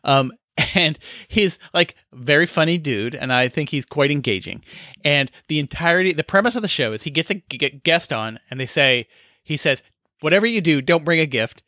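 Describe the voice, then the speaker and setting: A man's voice: a little high, lively intonation, moderate pace, pushed and bright, dry recording, clean studio sound. Chatty man hosting a solo podcast. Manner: rambling, chatty, with frequent fillers. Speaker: podcast host. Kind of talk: casual solo podcast talk. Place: small room.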